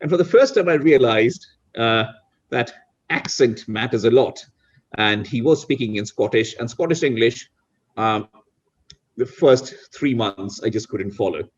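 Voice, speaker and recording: A middle-aged man from India talks reflectively as a talk show guest, often restarting his sentences. His voice is husky and sits at an ordinary pitch. The audio is dull and lo-fi, as on a video call. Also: lively intonation, unhurried. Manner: reflective, many restarts and "you know". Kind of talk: casual interview chat.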